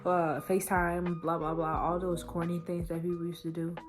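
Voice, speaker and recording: Low-voiced young woman vlogging candidly. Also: level tone, moderate pace, over music. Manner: candid, emotional, swings from quiet to loud. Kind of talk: casual confessional vlog.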